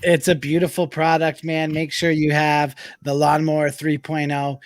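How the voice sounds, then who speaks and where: A man's voice: on the high side, level tone, moderate pace, dry recording. Profane, joking man hosting sports banter. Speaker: podcast host. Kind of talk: casual sports chat with friends.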